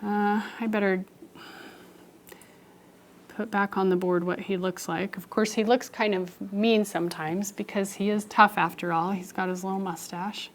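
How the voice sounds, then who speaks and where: A young woman teaching an elementary phonics lesson in a classroom, telling stories and coaxing the students along in a lively, playful way. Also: mid-range voice, measured pace. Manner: animated storytelling, playful and expressive with students.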